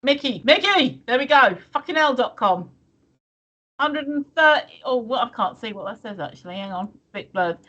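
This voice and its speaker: A woman's voice: on the high side, animated, moderate pace, sharp tone, highs cut off. A woman co-hosting a live stream in casual, teasing chat, swearing freely. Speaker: stream co-host.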